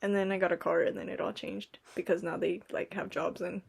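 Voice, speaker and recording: A woman's voice: lowish voice, level tone, a little fast, creaky, husky. Chatty young woman telling stories. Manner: rambling storytelling, lots of "like" and "um", acts out quotes. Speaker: podcast co-host. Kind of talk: casual chat.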